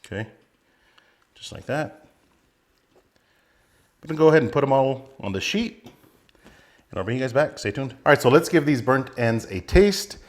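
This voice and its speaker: A man's voice: mid-range voice, normal speed, pauses often. Chatty man hosting a barbecue video. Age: middle-aged. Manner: relaxed, chatty, talks while tasting food. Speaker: barbecue channel host. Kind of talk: casual cooking demonstration.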